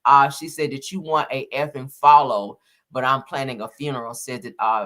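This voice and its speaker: A woman commentating on celebrity gossip, reading out text messages haltingly with many fillers and casual slang asides. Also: rumbling low, fairly bright tone.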